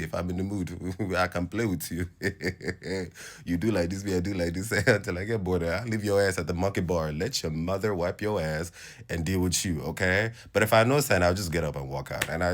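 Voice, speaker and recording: A Nigerian man with a very low voice talks straight to his viewers. He speaks in an animated, sermon-like way, breaking into laughing asides. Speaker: host. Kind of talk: casual monologue to camera.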